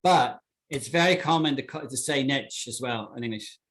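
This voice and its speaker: A man with a medium-pitched, fairly bright voice teaches English vocabulary in an online class at a brisk pace. He explains things and checks in with students often, frequently asking "right?"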